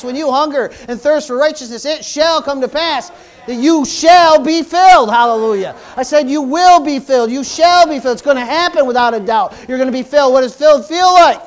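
A man preaching a fervent sermon in church, repeating himself and punctuating lines with hallelujah and praise the Lord. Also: very high voice. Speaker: pastor.

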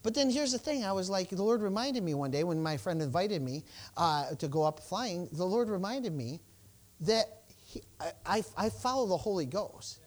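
A man's voice: high voice, lively intonation, normal speed. A male pastor preaching a sermon, telling a personal story and acting out the exchanges, with stammered restarts and bursts of praise. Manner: exclamations of praise.

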